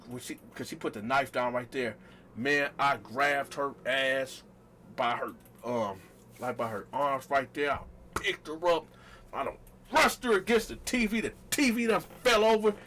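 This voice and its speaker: High, bright male storyteller, casual and animated, addresses the viewers directly. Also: moderate pace, slight background noise. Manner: animated, talks straight to viewers, acts out quotes loudly. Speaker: storytelling vlogger.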